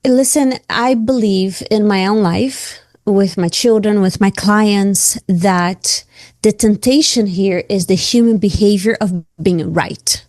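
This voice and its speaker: A woman co-hosting a conversational podcast, speaking in an earnest, reflective, expressive way. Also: mid-range voice, takes it slowly, dry recording. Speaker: podcast co-host and coach.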